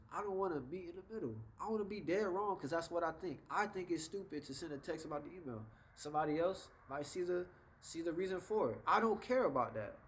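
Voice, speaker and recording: A man's voice: high voice, rough recording. A young adult man talking casually to camera with life advice, laid-back and conversational, slipping into short example voices. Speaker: vlogger giving life advice.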